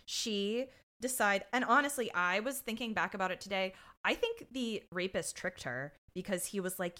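An animated woman co-hosts a podcast in casual chat, her pitch swinging widely as she talks. She swears freely and jumps into higher voices to act out quotes. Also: normal speed. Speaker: podcast co-host.

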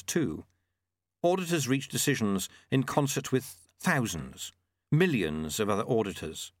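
A man narrating a fantasy novel audiobook in an expressive storytelling voice. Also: lowish voice, no room sound, studio quality. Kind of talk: scripted narration.

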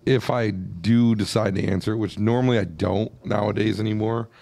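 Young dude with a low gravelly voice, rambling and cursing, chill podcast chat. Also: male voice, steady tone, normal speed, dark tone. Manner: rambling, profane, laid-back. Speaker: podcast co-host. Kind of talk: casual chat.

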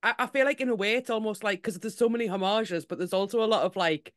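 Guy on a podcast, high voice, very dry sound, lots of "like" and restarts. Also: quick pace, dry recording. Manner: hesitant, repeats words. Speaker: podcast guest. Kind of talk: casual podcast chat.

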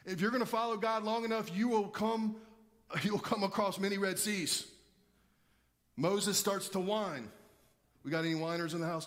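A man's voice: sits high, fairly even intonation, normal speed, a bit bright. A male pastor giving a sermon with emphatic preaching and rhetorical questions to the congregation.

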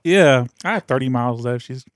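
A man's voice: medium pitch, animated, a little fast, no room sound, clean studio sound. A young man co-hosting a podcast, talking in laid-back slang with frequent swearing and chuckles. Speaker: podcast co-host. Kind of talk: casual chat.

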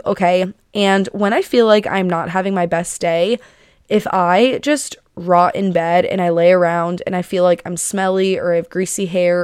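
A woman's voice: on the low side, smooth, dry recording, studio quality. Bubbly young woman chatting on her podcast. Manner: bubbly, chatty, many fillers and giggles. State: a little out of breath. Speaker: podcast host. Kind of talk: casual chat.

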